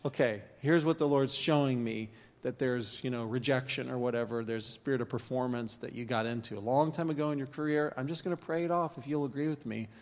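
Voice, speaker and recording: A man teaching an informal church course, talking conversationally with pauses and reading scripture aloud. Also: medium pitch, a little mellow. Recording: long hall reverb.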